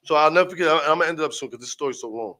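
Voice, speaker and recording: A man's voice: on the high side, rapid-fire, bright, forceful tone, a little hiss or hum, rough recording. A young man from Brooklyn with a New York accent, a rapper telling a long, profane story as a guest and acting out the other people in it. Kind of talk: animated storytelling.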